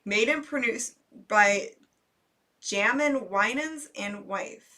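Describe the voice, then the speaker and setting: Bright chatty woman horror host. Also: a little high, slow, far from the mic. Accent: American Midwest. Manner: chatty, giggly, bubbly. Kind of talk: casual chat reading comments.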